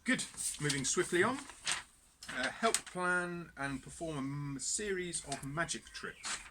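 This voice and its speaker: A man's voice: on the high side, unhurried. A man leading cub scouts through activities in a casual instructional video, chatty and self-deprecating. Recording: background noise.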